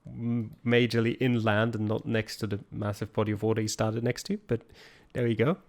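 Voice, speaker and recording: A man giving calm, explanatory color commentary on an online geography game. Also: lowish voice, fairly quick. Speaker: esports co-commentator.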